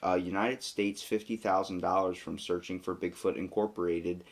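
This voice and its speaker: A man's voice: low-pitched, fairly even intonation, moderate pace. A man co-hosting a casual podcast, reading facts aloud and then riffing on them jokingly with plenty of fillers. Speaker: podcast co-host.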